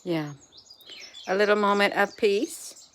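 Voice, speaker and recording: Slow, unhurried middle-aged woman, casual vlog chat, rambling and cooing at her cat. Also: mid-range voice, fairly even intonation, a little hiss or hum. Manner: rambling, coos at her pet cat between remarks. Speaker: vlogger.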